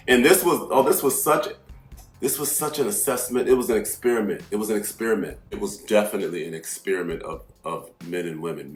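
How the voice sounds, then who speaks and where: A brash, foul-mouthed man tells a long story at the mic, swinging from low asides into loud, heated outbursts. His voice sits on the lower side and rings in an echoey room. Faint music plays underneath. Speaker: astrology channel host. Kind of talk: casual storytelling monologue.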